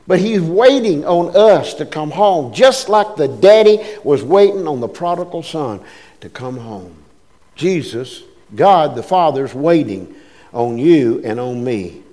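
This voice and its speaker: A man's voice: fairly high pitch, big pitch swings, a little slow, dark tone, in a large hall. A man preaching a sermon as pastor, folksy and emphatic, often calling out to his congregation.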